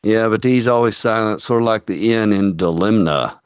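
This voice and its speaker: A man's voice: on the low side, fairly even intonation, a little slow, clean tone, no echo. A man co-hosting a casual online talk show, teasing and joking with his guest. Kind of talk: casual chat. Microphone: webcam microphone, off camera.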